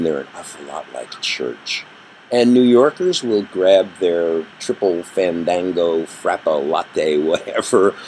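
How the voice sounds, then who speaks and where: A man teaching a communication workshop, telling a story with an animated delivery that rises and drops for effect. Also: low-pitched, slight background noise, poor audio. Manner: animated storyteller, rising and dropping his voice for effect. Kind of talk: storytelling lesson.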